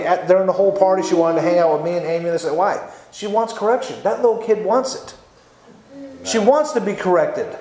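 Fervent older man preaching in an echoey room. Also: high-pitched. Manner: fervent, repetitive, talks straight to listeners. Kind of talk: sermon.

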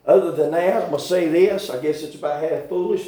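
A man preaching a folksy, rambling sermon with sudden shouted bursts in a church. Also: on the high side, a little fast. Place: church hall. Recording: very echoey church from far off.

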